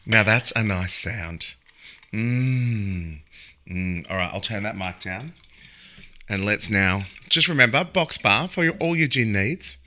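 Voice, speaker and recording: A man with a lowish, sharp-toned voice hosts a cabaret show from home at a normal speed. He rambles through chatty live-stream banter between plugs and asides.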